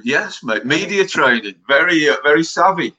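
Bright-voiced man bantering. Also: on the high side, lively intonation, normal speed, rough recording. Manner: bantering, keeps saying mate. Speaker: podcast guest. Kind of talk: casual banter.

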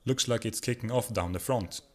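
A man's voice: on the low side, fairly quick, natural voice. Swedish man reading as a cheeky young Viking prankster. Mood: mischievous. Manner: mischievous, whispering asides.

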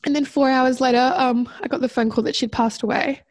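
Woman guest talking it through slow and halting, lotsa ums, kinda high voice, dry sound. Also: steady tone, no room sound. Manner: reflective, halting, many fillers and restarts. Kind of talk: personal storytelling in conversation.

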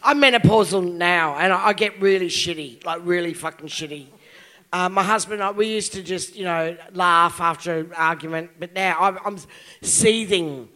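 A woman's voice: fairly low pitch, moderate pace, sharp tone. A woman in her fifties with an Australian accent doing live stand-up comedy, crude and full of swearing. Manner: bawdy, crude, heavy swearing. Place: live comedy venue stage.

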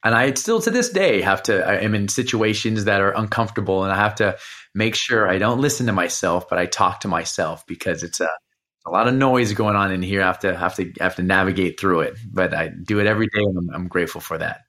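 A man's voice: low-pitched, a little fast, bright, forceful tone. A man in his forties, a performance coach, earnestly telling a personal story as a podcast guest. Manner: earnest, heartfelt.

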